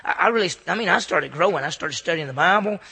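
A man's voice: sits high, lively intonation, quick pace, creaky, bright, forceful tone, breathy edge, long reverb tail. A man giving an earnest, informal devotional talk to a group in a room, often stammering and restarting his sentences. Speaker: Christian speaker.

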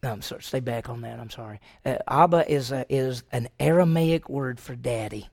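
A man's voice: medium pitch, normal speed, vocal fry, darkish tone, no echo, studio quality. A middle-aged male pastor preaching a sermon, asking his congregation questions and answering them himself, acting out quoted voices.

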